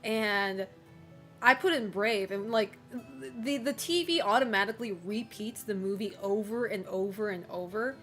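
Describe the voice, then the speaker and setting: A woman's voice: medium pitch, moderate pace, fairly bright tone, soft background music. A woman streamer chatting casually with her viewers, rambling with lots of fillers and giggling often.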